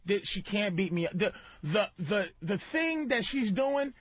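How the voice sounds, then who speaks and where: A man's voice: high voice, big pitch swings, measured pace, highs cut off, a little hiss or hum. A man hosting a radio show, ranting with profanity and heavy emphasis. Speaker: radio host. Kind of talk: comedic radio rant.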